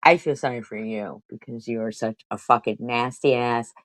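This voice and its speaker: A woman's voice: extremely low pitch, steady tone, moderate pace, no echo, low-quality recording. Profane, confrontational woman streamer. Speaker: live streamer. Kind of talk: heated live-stream commentary.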